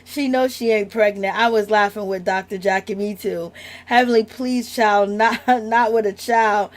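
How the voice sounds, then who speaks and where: A woman's voice: medium pitch, steady tone, moderate pace. A woman giving casual, sassy, slangy commentary on a reality show, laughing often.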